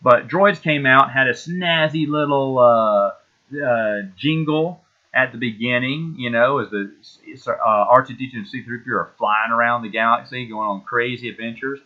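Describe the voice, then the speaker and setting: A man in his forties talks in a loose, nostalgic ramble, stopping and restarting his sentences as he goes. His voice sits at an ordinary middle pitch. The recording sounds a little dull and lo-fi. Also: normal speed. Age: 40s. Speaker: podcast host. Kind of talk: casual solo chat.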